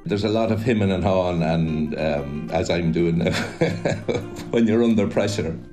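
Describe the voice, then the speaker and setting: A man from County Leitrim with a Leitrim Irish accent, a writer and actor musing slowly in an interview with some hesitations. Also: low-pitched, mellow. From County Leitrim, Ireland. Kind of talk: reflective interview talk. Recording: guitar music underneath.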